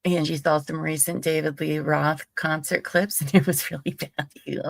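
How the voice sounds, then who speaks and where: A woman's voice: deep voice, fairly even intonation, normal speed, creaky, dry recording. A woman in her late thirties hosting a live stream, chatting casually in a rambling way and laughing often. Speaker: livestream host.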